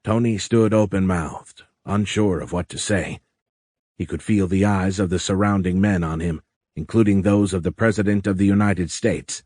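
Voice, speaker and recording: Male audiobook narrator, low voice, steady delivery, dry close sound. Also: moderate pace, dry recording. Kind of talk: scripted narration.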